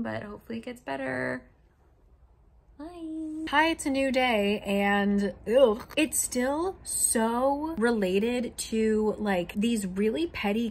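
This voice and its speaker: A woman's voice: on the high side, vocal fry. A young woman chatting casually in a book vlog, frank and exasperated, with lots of filler words. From living in Korea. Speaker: book vlogger. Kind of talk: casual reading vlog chat.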